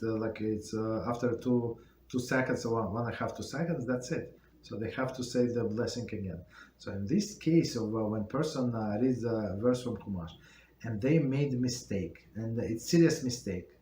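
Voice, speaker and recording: A man teaching an informal religious class, speaking in halting English with many fillers and restarts. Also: medium pitch, darkish tone. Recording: echoey room with faint noise.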